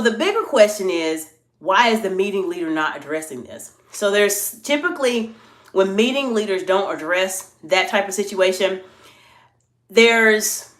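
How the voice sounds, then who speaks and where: A woman executive communication coach giving a live-streamed talk, answering chat questions in a polite, animated coaching tone. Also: mid-range voice. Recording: roomy echo.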